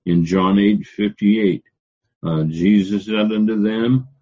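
An older man teaching a Bible lecture, pausing often on fillers as he explains word meanings. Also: on the low side, steady tone, dark tone. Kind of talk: classroom theology lecture. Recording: dull lo-fi lecture recording.

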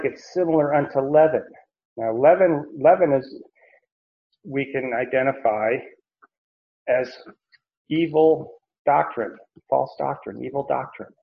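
A man delivering verse-by-verse sermon teaching at an unhurried, deliberate pace, often pausing mid-thought. His voice sits in a middle register and comes through a slightly muffled, lo-fi recording. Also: medium pitch, vocal fry. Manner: measured, hesitant, many filler pauses. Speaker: Bible teacher.

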